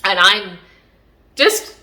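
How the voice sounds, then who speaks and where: Woman vlogging, bright voice, chatty and rambly with lots of fillers. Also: medium pitch, very animated, very slow. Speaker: spiritual vlogger. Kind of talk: casual storytelling.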